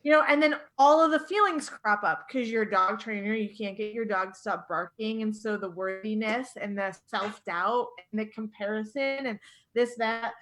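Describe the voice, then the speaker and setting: A woman dog trainer appearing as a podcast guest, telling stories in an animated, emphatic way. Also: medium pitch, normal speed. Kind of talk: casual conversation, storytelling.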